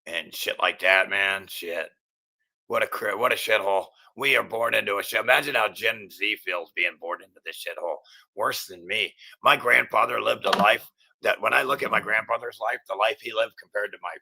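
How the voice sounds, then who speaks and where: A man's voice: fairly low pitch, gravelly, pushed and bright. A middle-aged man hosting his own channel, ranting angrily in a profane, agitated monologue full of stumbling restarts. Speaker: channel host.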